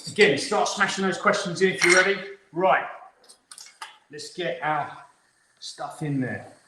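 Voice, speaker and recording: A man's voice: high voice, measured pace, pushed and bright. A man in his fifties, a head chef, chatty and upbeat as he talks viewers through a live cooking demonstration in a kitchen. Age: 50s. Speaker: head chef hosting a cookalong. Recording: echoey room with faint noise.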